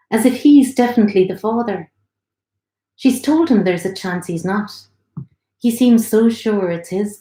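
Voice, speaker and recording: A woman author giving a live online reading of her own short story in a steady, friendly narrating voice, indoors. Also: mid-range voice. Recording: roomy echo.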